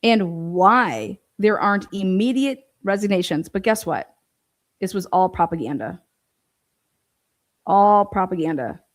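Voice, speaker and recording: A woman's voice: medium pitch, lively intonation, unhurried, long pauses. A woman giving an indignant, sarcastic commentary with lots of profanity. She reads court filings aloud and then rebuts them. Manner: mocks others in quoted voices. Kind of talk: ranting commentary on a court case.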